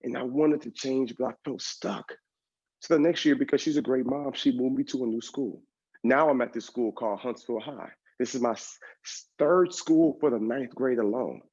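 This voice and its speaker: Husky-voiced man telling a motivational story. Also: mid-range voice, normal speed. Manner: animated, conversational, addresses the audience directly. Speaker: motivational speaker. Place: event stage. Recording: dull lo-fi recording.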